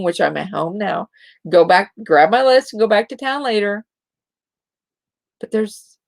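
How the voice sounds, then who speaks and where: Slow, gravelly-voiced woman speaking gently. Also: mid-range voice, no room sound. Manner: gentle, encouraging, drawn-out delivery with soft giggles. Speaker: spiritual show host. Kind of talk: slow inspirational talk to listeners.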